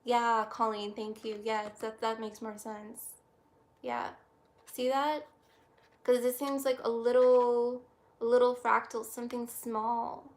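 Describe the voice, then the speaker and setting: A woman doing a tarot reading on a livestream, reflective and halting, close to tears. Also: on the high side, little pitch movement. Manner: soft, reflective, halting with many restarts. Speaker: tarot reader.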